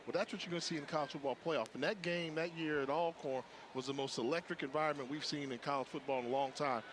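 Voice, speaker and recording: A man's voice: fairly high pitch, fairly even intonation, quick pace. Chatty male football analyst on broadcast. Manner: conversational, storytelling. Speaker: color analyst. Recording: TV broadcast audio with background noise.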